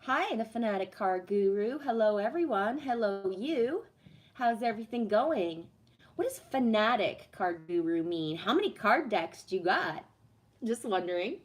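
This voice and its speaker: A woman's voice: mid-range voice, animated, unhurried. A woman chatting casually on a live stream, reading the chat, swearing freely and laughing at herself.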